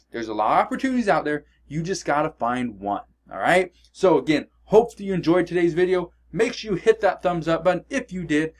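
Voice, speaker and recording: A man vlogging casual advice straight to camera in a blunt, coaching way, often checking in with "okay?". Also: a little high. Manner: emphatic, keeps checking in with "okay?" and "all right?". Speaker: online business vlogger.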